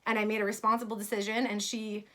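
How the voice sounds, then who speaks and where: A woman's voice: mid-range voice, level tone, quick pace, a bit bright. A woman in her thirties from New York, telling a personal story in a casual vlog about her fashion brand, chatty with many fillers.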